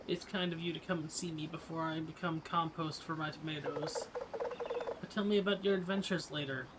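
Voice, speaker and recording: A man's voice: a little high, steady tone, brisk, close to an everyday voice. A man voicing a fond elderly woman in a video game, reading her lines on a live stream with doting pet names and self-deprecating worry. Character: fond elderly woman, van-driving grandmother type. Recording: noisy stream mic with clicks.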